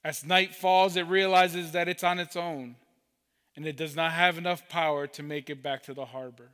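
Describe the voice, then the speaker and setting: A man preaching, telling a parable slowly and deliberately as a pastor. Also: fairly high pitch, fairly even intonation, fairly bright tone, smooth, in a large hall. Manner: slow, deliberate storytelling. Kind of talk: sermon storytelling. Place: church sanctuary.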